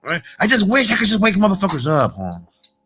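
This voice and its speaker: Man, bright forceful voice, profane motivational rant, faint music bed. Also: sits high, huge pitch swings, fairly quick, husky. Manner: profane, heated, repetitive street slang. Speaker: motivational vlogger.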